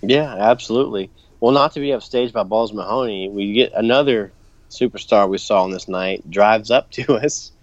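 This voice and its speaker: A fairly low-pitched man tells a story in casual podcast chat, animated and quick to laugh. The recording is dull and dry, with no room sound around him. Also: no echo.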